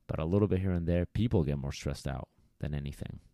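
Speaking quickly in a rumbling, mellow low voice, this man is a dog trainer giving a casual podcast monologue. The recording is dry and cleanly studio-made, and he coaches listeners in a chatty way, acting out quoted voices along the way.

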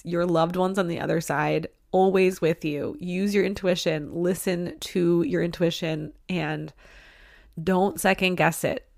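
A woman hosting a spiritual podcast, reading listener stories aloud and chatting warmly and emotionally, laughing often. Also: on the low side, gravelly, no room sound, clean studio sound. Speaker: podcast host.

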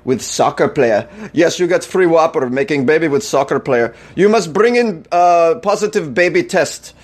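A man voicing an earnest fast-food ad spokesman in a put-on thick Russian accent with broken English, spoken slowly and deadpan. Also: fairly high pitch. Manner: slow, deadpan, clipped phrasing.

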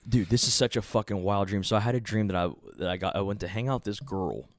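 A man in his thirties talks in a loose, easygoing way, swearing freely and leaning on "dude" and "like". His voice sits fairly low. The sound is close and dry, with no room around it. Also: quick pace, dry recording. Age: 30s. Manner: laid-back, profane, lots of "dude" and "like". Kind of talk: casual late-night chat.

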